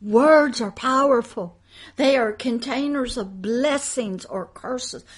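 A woman pastor preaching a monologue, emphatic, moving between loud declarations and hushed asides. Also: fairly high pitch, slow pace, slightly rough.

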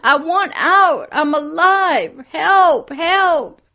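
A woman's voice: very high-pitched, extremely slow, sharp tone, voice pushed up, exaggerated voice. A woman voicing tormented souls who beg frantically for help. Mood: desperate pleading. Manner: pleading, frantic.

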